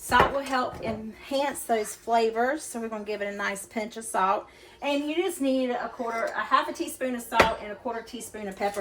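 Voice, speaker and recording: In her home kitchen, a woman with a fairly high voice hosts a laid-back cooking show, speaking at normal speed and chatting folksily to the camera. The background is noisy with clattering dishes and utensils.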